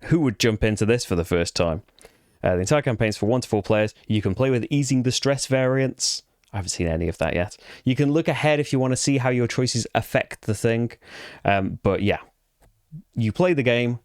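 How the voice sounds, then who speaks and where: A man's voice: mid-range voice, expressive, a little fast, a little mellow, smooth, no room sound, clean studio sound. A man hosting a board game channel, casually explaining the rules before a solo playthrough in a chatty, rambling way with frequent fillers and restarts.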